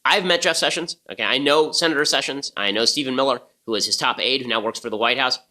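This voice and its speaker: A man talking at a rapid clip with a bright, sharp tone, like a host firing off opinions on his podcast. His delivery is punchy and sarcastic. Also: medium pitch. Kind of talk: political commentary.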